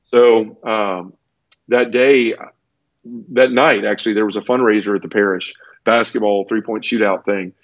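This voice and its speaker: A man's voice: fairly low pitch, steady tone, moderate pace, no room sound, muffled recording. A man earnestly telling his personal conversion story in a conversational interview, tumbling through it with restarts. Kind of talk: conversational testimony.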